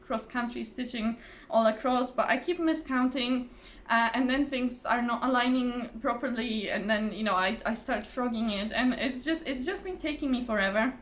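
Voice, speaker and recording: A woman's voice: a little high, normal speed, few pauses, fairly bright tone. A woman chatting casually to camera about her craft projects, rambling with fillers and restarts and laughing often, her voice a little tired. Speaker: craft vlogger. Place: home, at a table. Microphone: phone or camera on the table.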